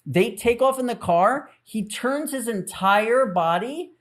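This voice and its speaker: Casting: co-host, lively storyteller, laughs through the story, mid pitch. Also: takes it slowly. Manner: animated storyteller, laughs while talking. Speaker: podcast co-host. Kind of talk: casual chat.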